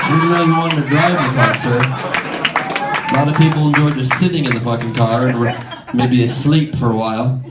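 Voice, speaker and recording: A man's voice: medium pitch, fairly even intonation, a little fast, over music. A man doing improvised crowd work on a comedy club stage, brash and profane, mocking people in the audience and acting out the characters in his bits. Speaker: stand-up comedian. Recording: echoey live club recording with crowd. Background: audience laughter.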